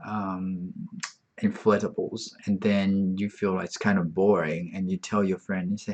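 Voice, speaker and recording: A man's voice: on the low side, fairly even intonation, darkish tone, lo-fi sound. A man teaching an online beginner Chinese lesson, patient and repetitive, saying each word several times. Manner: slow, patient, repeats words often.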